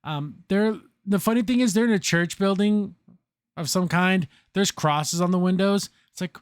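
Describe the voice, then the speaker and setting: A man's voice: sits high, measured pace, dry recording. A man recapping an episode on a podcast, rambling and sarcastic, full of fillers and restarts. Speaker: podcast host reviewing a show.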